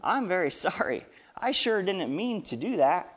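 A man's voice: high voice, big pitch swings, moderate pace. A man voicing a polite, apologetic four-year-old boy while reading a story aloud.

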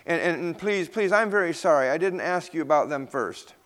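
A man's voice: a little high, animated, fairly quick, a bit bright, pitched above the performer's own voice. A man voicing a frightened little boy in a read-aloud story, stammering and pleading.

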